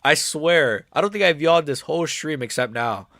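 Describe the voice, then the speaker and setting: A man's voice: on the high side, lively intonation, normal speed, bright, forceful tone, no room sound, clean studio sound. A young man doing casual live commentary on a fight stream, with slangy, rambling speech and blunt, mocking opinions. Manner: slangy, rambling, frequent "bro" and "like".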